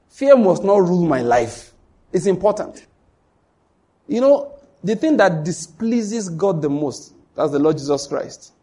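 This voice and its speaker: Husky-voiced Nigerian pastor preaching. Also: male voice, fairly high pitch, dark tone. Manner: emphatic, repetitive preaching that addresses the congregation directly. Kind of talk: sermon.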